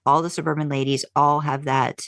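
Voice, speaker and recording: A woman's voice: level tone, fairly quick, fairly bright tone, dry recording, studio quality. A woman co-hosting a podcast, talking in a chatty way with lots of fillers and restarts. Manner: jumps into high voices when quoting. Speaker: podcast co-host. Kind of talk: casual chat.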